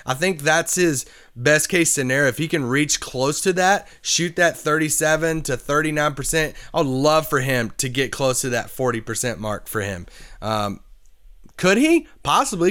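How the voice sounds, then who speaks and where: Regular-pitched guy on a sports podcast, earnest, thinks out loud. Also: normal speed. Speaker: podcast co-host. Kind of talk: casual sports podcast chat.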